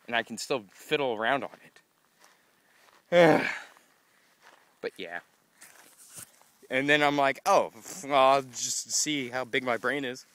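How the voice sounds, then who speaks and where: A man's voice: mid-range voice, takes it slowly, pauses often, fairly bright tone. A young man vlogging casually outdoors, rambling and exasperated, a bit out of breath after walking uphill. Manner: rambling, exasperated, acts out his own quotes.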